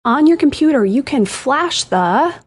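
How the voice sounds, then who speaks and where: A woman's voice: high voice, expressive, measured pace. A woman co-hosting a tech show, chatting animatedly and giggling often. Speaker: co-host. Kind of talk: casual chat.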